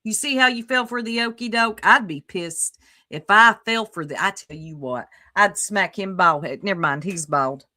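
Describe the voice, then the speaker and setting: A woman's voice: mid-range voice, normal speed, sharp tone. A woman co-hosting a livestream, commenting in a blunt, sassy way and swearing freely. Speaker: stream co-host.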